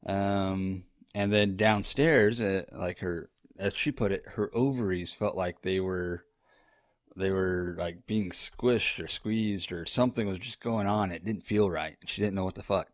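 A man's voice: low voice, unhurried, no room sound, clean studio sound. A young man telling a rambling, profane story about his wife in a casual, conversational way.

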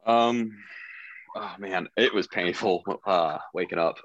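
A man's voice: low voice, takes it slowly, fairly bright tone, no echo, lo-fi sound. A man, a guest on an interview, telling stories in a laid-back, joking way. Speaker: guest recovering from a gunshot wound. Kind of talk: casual podcast interview storytelling.

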